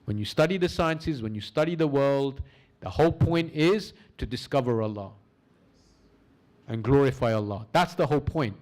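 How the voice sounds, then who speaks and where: A man instructing a room of learners in an interactive lecture. His voice sits in an ordinary middle pitch. He draws the audience in with questions and stretches his words for emphasis. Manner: lively teaching, asks the audience questions; slows down for emphasis in guided imagery. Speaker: course instructor.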